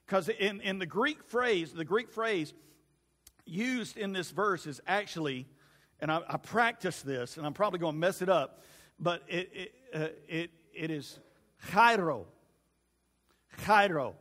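A man preaching a sermon to his congregation in a lively, humorous way that addresses the listeners directly. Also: sits high, unhurried, in a large hall. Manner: animated and humorous, talks to the congregation. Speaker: pastor.

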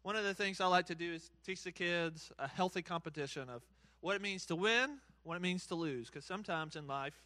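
A man's voice: high-pitched, fairly quick, few pauses, bright, forceful tone, no room sound. A man hosting a live church game for kids and a crowd, playful and hyped, cheering countdowns and teasing the players. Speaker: children's church game host. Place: church hall.

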